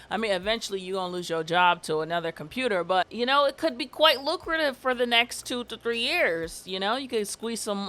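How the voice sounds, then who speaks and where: A woman's voice: medium pitch, a bit bright. A young adult woman, a commentary YouTuber, reading news excerpts aloud and breaking off into wry, sarcastic asides.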